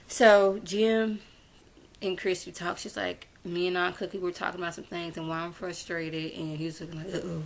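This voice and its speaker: A woman's voice: fairly low pitch, vocal fry, fairly bright tone, rough recording. A woman vlogger casually recapping a TV episode, retelling scenes in chatty paraphrase. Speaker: video blogger recapping a TV show.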